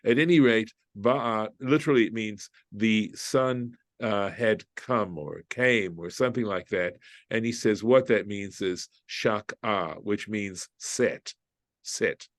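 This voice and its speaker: Rabbi leading a casual study group; lowish voice, dry close sound, reasons aloud and keeps asking "right?". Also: male voice, takes it slowly, no echo. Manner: thinking aloud, asks "right?" often, translates Hebrew phrases. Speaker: rabbi teaching a Torah study class. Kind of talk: informal group Bible study.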